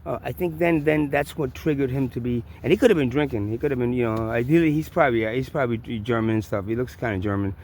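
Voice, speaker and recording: A man's voice: medium pitch, fast, few pauses, darkish tone. A man with a New York accent tells a personal story in a rambling, profane way, full of restarts and repeats. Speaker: vlogger. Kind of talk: casual storytelling.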